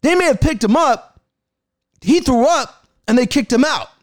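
A man's voice: very high-pitched, normal speed, no echo, studio quality. A man, a rideshare driver, telling a casual anecdote with profanity and acted-out dialogue. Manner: animated, profane, acts out dialogue.

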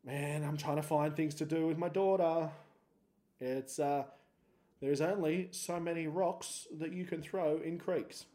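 A man's voice: fairly high pitch, steady tone, measured pace, dark tone. A man in his thirties with an Australian accent, hosting a solo podcast and telling a story in a laid-back, joking, rambling way. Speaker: podcast host.

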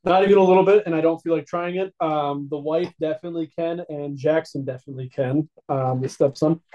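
A man co-hosts a casual sports podcast, throwing quick teasing jabs at the host. His voice sits on the higher side yet sounds soft and mellow. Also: steady tone, lo-fi sound.

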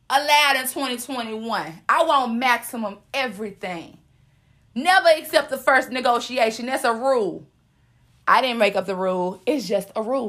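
A woman's voice: a little high, normal speed, a bit bright. A woman hosting a motivational podcast monologue, sassy and profane, preaching and repeating lines for emphasis. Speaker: podcast host.

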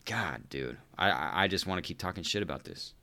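A man's voice: sits low, lively intonation, brisk, gravelly, bright, forceful tone. A man hosting a podcast, ranting sarcastically and with exasperation, swearing constantly and calling people "dude". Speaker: podcast host. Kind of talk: profane comedic rant.

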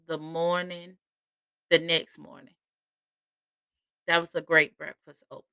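Young woman hosting a podcast, chatty, laughing, unhurried, bright tone, dry close sound. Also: mid-range voice, smooth, dry recording. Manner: chatty, laughs often, addresses listeners as y'all. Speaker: podcast host. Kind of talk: casual personal podcast monologue.

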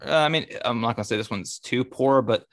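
A man co-hosting a casual sports talk show, speaking in a relaxed, hesitant way with many fillers. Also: medium pitch, a little fast, dry recording, studio quality. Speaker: podcast co-host.

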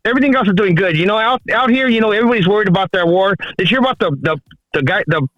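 A man talks quickly on a casual podcast, rambling from one story to the next with lots of restarts and jokes. His voice sits high and bright. The sound is dry and close. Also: no room sound, dull audio. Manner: rambling, joking, many restarts. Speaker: podcast co-host calling in from the road.

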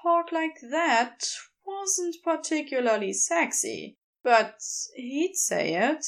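Slow, expressive woman narrator. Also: high-pitched, vocal fry. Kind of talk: scripted narration.

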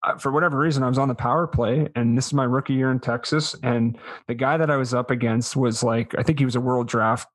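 A man's voice: mid-range voice, fairly even intonation, quick pace, hardly any pauses, no echo. A man chatting as a podcast guest, easygoing and a little self-deprecating. His voice sits in a middle range. The recording is dry and close. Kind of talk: casual chat.

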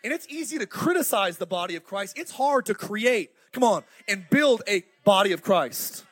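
A high-pitched middle-aged man preaches with fire, urging the congregation on with call-outs. He swings between loud bursts and quiet, close asides, speaking through a stage microphone in a church auditorium. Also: normal speed. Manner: fiery, animated preaching with crowd call-outs. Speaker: pastor. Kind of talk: sermon.

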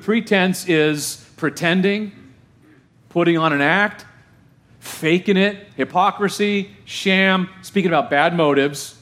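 A man's voice: high voice, takes it slowly, a bit bright. A male pastor preaching a sermon in an emphatic, conversational way, often asking his congregation questions.

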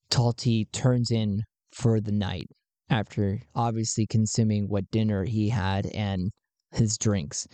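A man's voice: lowish voice, mellow, dry recording. A man narrating and playing his own solo tabletop role-playing game. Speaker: solo game master and player.

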